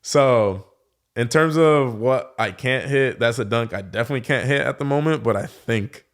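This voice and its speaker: A young man, a professional dunker appearing as a guest, talks at a normal speed in a medium-pitched voice on a casual podcast. He tells stories in a relaxed, loose way, using "like" as a filler a lot.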